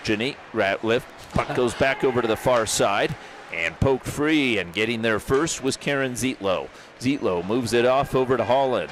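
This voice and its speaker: A man doing live play-by-play of an amateur hockey game, brisk and jokey, rising to shouts on big plays. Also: medium pitch. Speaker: play-by-play commentator. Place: hockey arena broadcast booth. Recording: rink commentary with loud crowd and arena noise.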